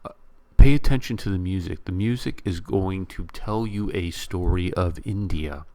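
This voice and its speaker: Give me a guy with a slightly low voice, venting casually on camera to his audience. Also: moderate pace. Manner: animated, repetitive, addresses viewers directly. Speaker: YouTube vlogger. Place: home room near a bedroom.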